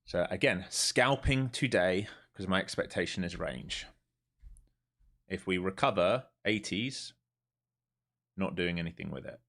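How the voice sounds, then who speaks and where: A man streaming live as a day trader, giving running commentary to viewers, dropping to mutters and then rising into excited bursts. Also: deep voice, measured pace, vocal fry, long pauses.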